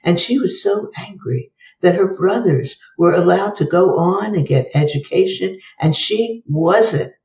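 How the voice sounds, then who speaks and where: An older woman guest tells case stories and acts out both sides of each exchange in a lively way. Her voice is warm and dark. It sounds dull and roomy, as if she sat back from the microphone. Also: fairly low pitch, a little slow, vocal fry, few pauses, far from the mic. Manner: lively storyteller who acts out the dialogue. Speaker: guest psychologist. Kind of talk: telling case stories in an interview.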